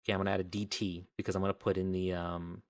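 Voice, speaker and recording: A man live-streams his game development, thinking out loud as he codes and interrupting himself as he rambles. His voice is low and fairly flat in pitch, and he talks at a racing speed.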